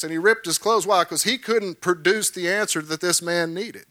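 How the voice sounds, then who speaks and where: A man preaching a sermon, animated, repeating words and calling for amens from the congregation. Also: high voice, normal speed, no room sound, clean studio sound.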